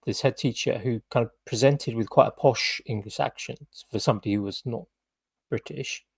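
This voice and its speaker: A man's voice: mid-range voice, normal speed, creaky, breathy edge, no room sound. A British man co-hosting a podcast, telling rambling anecdotes in casual chat with lots of fillers and restarts. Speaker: podcast co-host.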